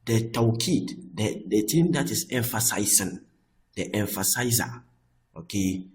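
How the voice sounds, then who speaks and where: Patient lower-voiced man teaching grammar. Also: animated, a little slow, darkish tone, poor audio. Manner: repetitive, checks in with "I hope that is clear"; restarts and repeats words often. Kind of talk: explaining Arabic grammar on screen.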